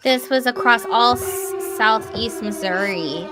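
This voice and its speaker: A woman's voice: fairly high pitch, takes it slowly, over loud music. A woman co-hosting a casual podcast, reacting with exclamations. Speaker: podcast co-host. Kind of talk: casual chat.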